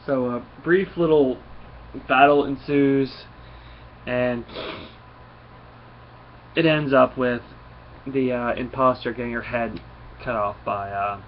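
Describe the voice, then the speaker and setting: A man's voice: mid-range voice, fairly even intonation, takes it slowly, long pauses, dull audio, slight background noise. Rambling man recapping a comic. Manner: rambling, full of fillers and restarts. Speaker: comic book reviewer. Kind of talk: casual comic book recap.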